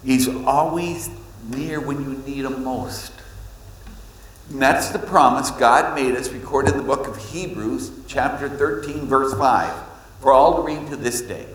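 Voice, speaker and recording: A man preaching a sermon, reading scripture and telling stories, with his pitch jumping up on points he wants to stress. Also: measured pace. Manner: animated storytelling, pitch leaps on emphasis. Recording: echoey hall with long reverb.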